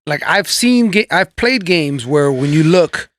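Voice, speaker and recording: A young man co-hosting a casual chat show, talking in relaxed slang and often trailing off into quiet low asides. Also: unhurried, no room sound, studio quality. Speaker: podcast co-host.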